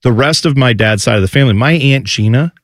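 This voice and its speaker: A man's voice: mid-range voice, quick pace, dry recording. Male host from New Jersey, conversational storyteller, dead-dry booth sound. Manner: animated storytelling, imitates relatives. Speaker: podcast host. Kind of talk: casual chat and news rundown.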